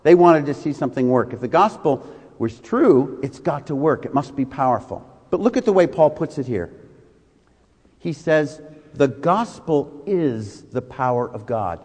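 A man's voice: medium pitch, lively intonation, normal speed, darkish tone, husky, long reverb tail. A male pastor preaching a sermon, leaning hard on key words and drawing them out for emphasis.

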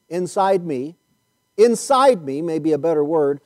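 A man preaching a sermon, reading Bible verses and stretching key words slowly for emphasis. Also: fairly high pitch, expressive, darkish tone, dry recording.

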